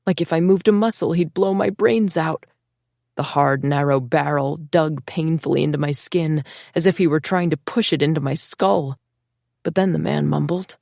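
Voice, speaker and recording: A woman's voice: sits low, normal speed, vocal fry, a little mellow, dry recording, clean studio sound. A woman reading first-person audiobook narration in a tense storytelling manner.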